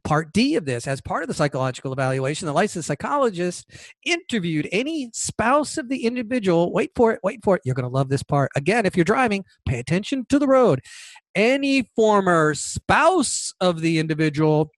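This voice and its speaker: Indignant podcast host, higher man's voice. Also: big pitch swings, fairly quick, no echo. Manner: emphatic, indignant, reading legal text aloud. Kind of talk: political commentary podcast.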